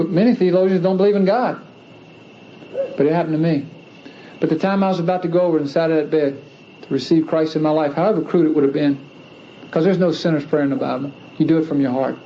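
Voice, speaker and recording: A man giving an earnest personal religious testimony, emphatic and repeating key phrases for stress. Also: on the high side. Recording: dull lo-fi archive recording with faint hiss.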